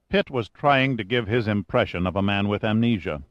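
A man reading a thriller audiobook in steady, measured scripted narration. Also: fairly low pitch, dry recording, muffled recording.

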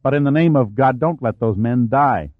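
A man's voice: medium pitch, moderate pace, no echo, lightly acted. A man plays a grieving, enraged male mission director who pleads with anguish. The sound is thin and phone-like and dry.

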